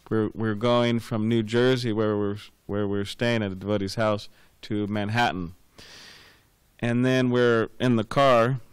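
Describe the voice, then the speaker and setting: A man's voice: on the low side, clean tone, no echo. A man giving a scripture class, rambling and repeating words with many fillers, telling anecdotes. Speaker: class speaker.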